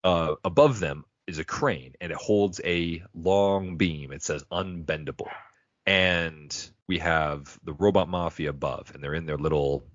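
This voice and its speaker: Deep-voiced man recapping an episode. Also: dry recording, muffled recording. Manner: loose storytelling with quick acted quotes. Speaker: podcast co-host.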